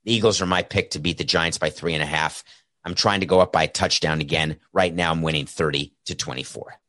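A man's voice: extremely low pitch, steady tone, fairly quick, sharp tone, dry recording. A man hosting a solo sports talk show, rambling and sarcastic with jokey asides, speaking into a headset mic. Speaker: sports podcast host. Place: home studio set with camera and soundboard. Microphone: headset mic with earpiece.

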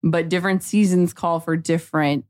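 Chatty young mom talking on a podcast. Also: female voice, on the low side, fairly even intonation, normal speed, a little mellow, dry recording, studio quality. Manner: chatty, with many likes and quoted asides. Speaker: podcast host. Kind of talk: casual conversation and ad read.

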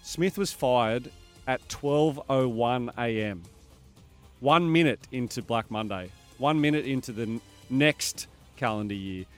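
A man's voice: mid-range voice, unhurried, faint music behind. An Australian man co-hosting a breakfast sports radio show, chatting casually and reading listener texts aloud.

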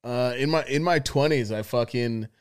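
A man's voice: mid-range voice, moderate pace, clean tone. A man co-hosting a podcast, rambling through a story with heavy swearing. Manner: rambling, heavily profane storytelling. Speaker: podcast co-host. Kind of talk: casual chat.

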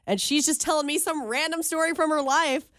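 A woman's voice: high voice, brisk, fairly bright tone, dry recording, clean studio sound. A young woman co-hosting a radio show, chatty and giggly. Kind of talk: casual chat.

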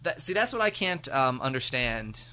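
An American man co-hosting a podcast in relaxed, rambling chat, joking and filling gaps with ums. His voice is bright and forward, at an everyday middle pitch. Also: normal speed. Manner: rambling, jokey, full of fillers. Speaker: podcast co-host. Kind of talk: casual chat.

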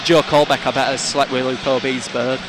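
A man's voice: medium pitch, flat delivery, brisk. A young man with a Yorkshire accent co-hosting a podcast live from the stands at a football match, trading blunt, mocking banter. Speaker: podcast co-host. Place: outdoor football stadium stands. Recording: stadium music playing behind.

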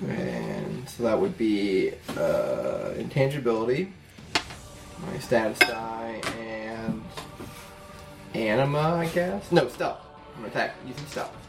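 A man chatting as a player in a tabletop game, lively and often laughing. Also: fairly low pitch, slow, vocal fry. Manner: animated, laughs often, describes his character's moves. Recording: echoey room, far from mic, faint music.

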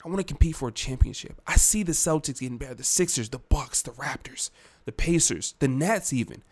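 A man's voice: mid-range voice, expressive, a little fast. A man voicing a male team owner who earnestly pleads with and makes promises to his star player.

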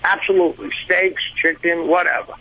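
A man's voice: fairly high pitch, fairly even intonation, a little fast, sharp tone, dull audio. A man with a Brooklyn accent calling in to a radio show, a truck driver who talks in a rambling, chatty way. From New Jersey. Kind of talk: phone-in chat.

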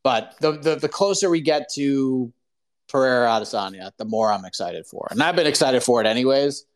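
A man hosting a live call-in show, ranting in an animated, opinionated way full of "like" fillers. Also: medium pitch, fairly quick. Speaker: podcast host.

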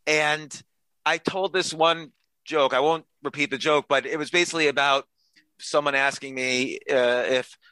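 A man talks as a podcast guest, his voice bright and slightly high, with a dry, close sound. He tells chatty, self-deprecating stories and acts out the dialogue. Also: steady tone, normal speed, clear, resonant tone, dry recording, low-quality recording. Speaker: podcast guest, author and comedian. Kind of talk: casual storytelling interview.

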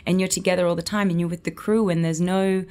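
A woman's voice: fairly low pitch, fairly even intonation, fast, mellow, clean tone. A woman in her twenties with an Australian accent, chatting as an actress guest in an interview and telling stories with acted-out quotes. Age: 20s. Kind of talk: casual interview chat.

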